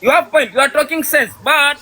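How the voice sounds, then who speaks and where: Coffee trainer in a heated online debate; man, very high, bright and sharp, keeps repeating himself. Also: a little fast. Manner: insistent, repeats points.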